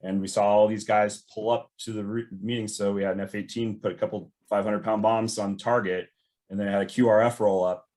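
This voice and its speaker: Middle-aged guy with a lowish voice telling an old work story, chatty, laughs a lot, does the voices. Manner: animated, laughs often, acts out quoted voices. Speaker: guest, former intelligence analyst. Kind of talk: conversational storytelling.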